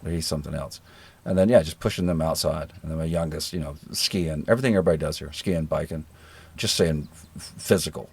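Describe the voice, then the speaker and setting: A middle-aged man with a generic American accent, a guest in a relaxed interview, telling stories in an easygoing, self-deprecating way. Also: very deep voice, brisk, slightly rough, dry recording. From rural Georgia, American South. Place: living in New Zealand.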